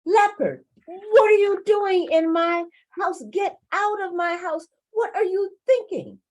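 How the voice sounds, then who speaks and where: A woman voicing Sangura, a bold little male rabbit, in a high indignant storybook voice. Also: sing-song, slow pace, a little mellow, heavily acted.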